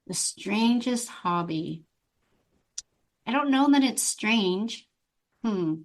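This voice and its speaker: A woman guest on a podcast interview, a life coach who talks in an open, expressive and bubbly way. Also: fairly high pitch, very slow.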